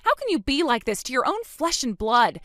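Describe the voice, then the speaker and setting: Woman doing an earnest young aunt, pleading then outraged, high lively voice, dry sound. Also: fairly quick, no echo. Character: indignant young aunt defending her brother's baby. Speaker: voice actor in a text-story drama. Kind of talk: scripted dialogue reading.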